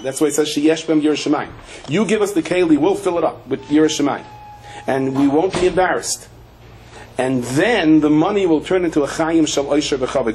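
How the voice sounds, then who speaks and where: A man's voice: a little high, a little mellow, a little hiss or hum, low-quality recording. A man, a rabbi, giving a sermon-style Torah class, weaving humorous stories into the teaching and acting out the people he quotes. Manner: humorous storytelling, acts out quoted voices.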